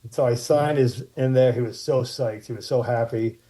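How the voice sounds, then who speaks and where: A man's voice: mid-range voice, fairly even intonation, normal speed, dark tone. A man, a guest telling casual, rambling anecdotes and acting out the voices of people in them. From Martha's Vineyard, USA. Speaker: podcast guest, former child actor. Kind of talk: casual storytelling interview.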